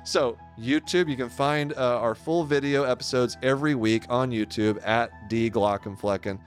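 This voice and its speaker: A man's voice: medium pitch, normal speed, faint music behind. Joking man hosting a podcast. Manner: joking, stumbling restarts. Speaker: podcast co-host. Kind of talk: casual podcast outro.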